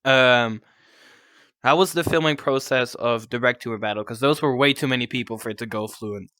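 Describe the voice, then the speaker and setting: A man's voice: medium pitch, normal speed, sharp tone, dry recording, clean studio sound. A young man from the Netherlands with a Dutch accent, hosting a casual podcast chat and teasing his guest. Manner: chatty, teasing, many fillers. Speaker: podcast host.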